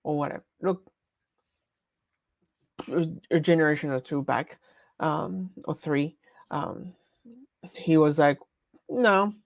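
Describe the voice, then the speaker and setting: A woman's voice: deep voice, steady tone, slow, pauses often, a little mellow, no room sound. A woman with a French accent chatting casually on a live stream, rambling and breaking off her own sentences. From France. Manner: rambling, chatty, self-interrupting.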